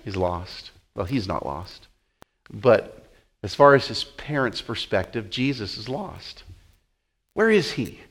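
A man preaching a sermon in an animated way, often repeating words as he acts out the scene. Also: lowish voice, slow pace, husky.

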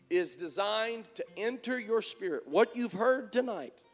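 Man, pastor, fervent sermon, soft to shouting, ringing hall reverb, quiet music underneath. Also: high-pitched, gravelly. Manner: preaching, swinging from soft to shouting. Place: church sanctuary.

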